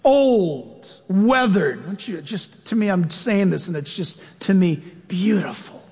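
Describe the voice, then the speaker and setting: A man preaches a sermon from the pulpit, his voice sitting high for a man. He tells his stories with animated swings of pitch, and the sound rings with a long church-hall reverb. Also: slow pace, slightly rough. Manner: animated storytelling with sudden pitch jumps. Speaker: pastor.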